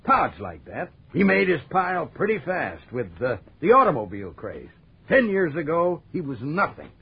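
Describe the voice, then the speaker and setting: An actor playing a boastful, chuckling prison governor in a 1940s radio drama, heard over a tinny old broadcast. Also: male voice, on the high side, wildly swooping pitch, moderate pace, breathy edge, full character voice. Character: boastful American prison governor, middle-aged man.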